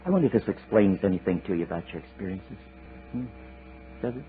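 A man preaching a sermon, telling a story in a folksy, animated way with chatty asides. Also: fairly low pitch, quick pace. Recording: tinny lo-fi sermon tape with hiss.

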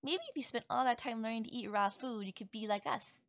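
A woman's voice: on the high side, fairly quick, fairly bright tone, dry recording, studio quality. A voice actress playing a curious, naive young wolf-girl in an ASMR audio role-play, full of innocent questions.

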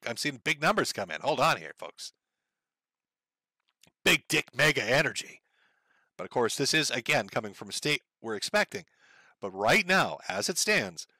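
A sardonic man live-streaming from his desk, cursing freely as he rants and reads viewer messages. His voice is bright and swings widely in pitch. The close microphone sounds dry and present. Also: no echo. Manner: profane, ranting, sardonic. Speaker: streamer reading viewer donations. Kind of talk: casual live-stream commentary.

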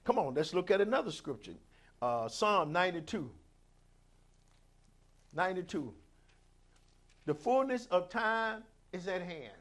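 High-voiced preacher man, shouting and hushed. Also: big pitch swings, unhurried, pauses often. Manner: preaching with sudden loud shouts and dropped quiet lines. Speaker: pastor. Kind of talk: sermon.

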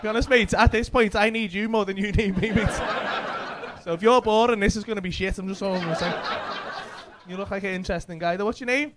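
A man with a high-sitting voice talks fast as a stand-up comedian on a club stage, doing brash, sweary crowd work full of teasing banter. The live club audio captures crowd laughter and noise.

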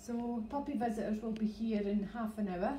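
Livestreaming from inside her home, a Scottish dog breeder in middle age rambles into her phone and laughs frequently. She has a fairly high, warm voice at a normal speed, and the rough recording has slight hiss or hum.

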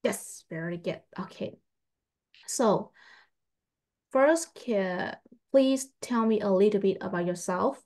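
A woman English teacher, patiently testing a young pupil and repeating her questions slowly. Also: mid-range voice, a little mellow. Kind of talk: online English test with a child.

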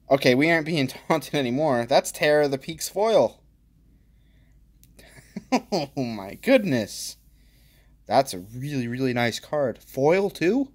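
A man running his own channel chats casually while opening card packs, joking, reading card names aloud, and breaking into excited exclamations. His voice is medium in pitch and his pace is slow.

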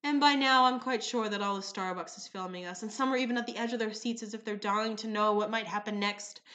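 A woman's voice: mid-range voice, fairly even intonation, a little fast, pushed and bright. A woman vlogger telling funny everyday stories in a theatrical, wry, playful way. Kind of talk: comic storytelling vlog.

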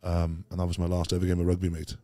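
A man's voice: low voice, completely flat delivery, quick pace, dark tone, no echo, studio quality. A middle-aged Welsh man telling rambling stories as a podcast guest, dropping "mate" often. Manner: rambling, storytelling, peppers speech with "mate". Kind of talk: casual chat.

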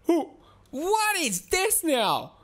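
A woman giving excitable, giggly commentary while playing through a game, with frequent exclamations. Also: very high-pitched, extremely slow. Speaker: gaming video host. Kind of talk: playthrough commentary.

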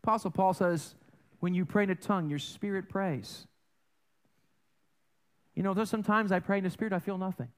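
High animated man preaching a sermon. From German and Italian heritage. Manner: animated, joking, swings between loud and soft. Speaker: pastor. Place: church sanctuary.

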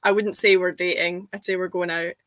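A young woman with a Scottish accent, eagerly explaining the meaning of words in casual chat. Her voice is bright and clear, and it sounds close and dry, as if heard over a video call. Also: lowish voice, little pitch movement, a little fast, dry recording. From Scotland. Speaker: guest.

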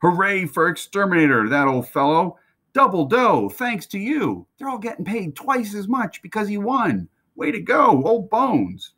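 A man voicing a crowd of excited stable grooms celebrating a win, hollering their cheers in a storybook reading. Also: sits high, measured pace, breathy edge, voice pushed up, heavily acted. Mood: jubilant.

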